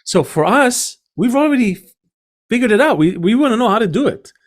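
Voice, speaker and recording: A man's voice: very high voice, big pitch swings, brisk. Man hosting a podcast, thinking aloud. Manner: discursive, reasoning aloud. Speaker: podcast host. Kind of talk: casual podcast chat.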